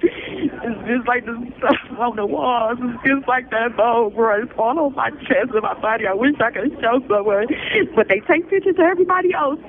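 A man pleading for public support speaks over the phone at normal speed in a very high voice. Exhausted, he makes his emotional appeal with nervous laughter between words, and the phone line is tinny with faint noise.

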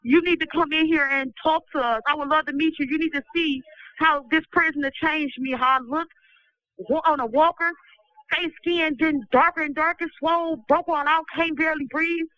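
A sick man with a swollen throat, giving a pleading, halting commentary from prison over the phone. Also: very high voice, fairly even intonation, no room sound. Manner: pleading, distressed, halting restarts. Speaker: incarcerated person giving a recorded commentary. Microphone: telephone. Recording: muffled, dry prison phone line.

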